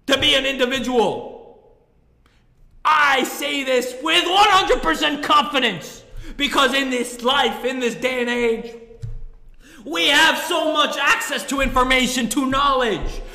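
Dude screaming a sweary comedy rant, really high sharp voice, big echoey room. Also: male voice, animated, moderate pace, creaky. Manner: yelling, swearing, self-mocking. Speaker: comedian ranting to camera. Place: room in the middle of his building, no studio. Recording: echoey room with long reverb.

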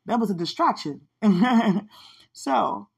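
A woman's voice: mid-range voice, expressive, very slow, creaky, breathy edge. A woman minister sharing a personal spiritual testimony in a heartfelt, conversational way, often repeating phrases for emphasis.

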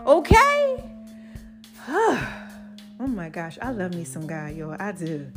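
A woman hosting her own faith podcast in a casual, preachy monologue, animated and laughing often. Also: fairly low pitch, a little slow, faint music behind. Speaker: podcast host.

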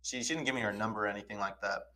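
Bright-voiced young man, laughing storyteller. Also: on the low side, steady tone, very fast. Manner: laughs often while telling stories, loose slangy talk. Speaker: podcast co-host. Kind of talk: casual storytelling chat.

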